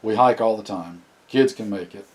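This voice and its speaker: A man reading the part of a tired, grateful mother of several children in an audiobook, quiet and earnest. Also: lowish voice, moderate pace, lightly acted.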